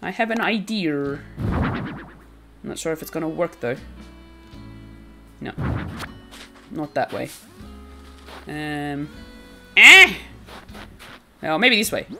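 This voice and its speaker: A woman's voice: sits low, sing-song, slow, long pauses. A woman chatting casually and giggling often while live-streaming a game and answering her chat. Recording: faint game music behind.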